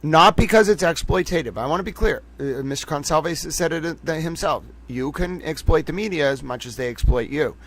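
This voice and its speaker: A man's voice: fairly high pitch, moderate pace, hardly any pauses, fairly bright tone. A man hosting a livestream, giving impassioned commentary with emphatic repetition and rhetorical questions. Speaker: livestream host.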